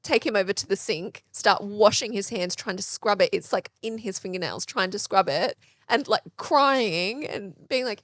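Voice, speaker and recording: Woman, thirties, podcast co-host, casual animated storytelling, mid-pitched voice, dry close sound. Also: normal speed, dry recording. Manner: animated storyteller acting out quotes. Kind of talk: casual chat.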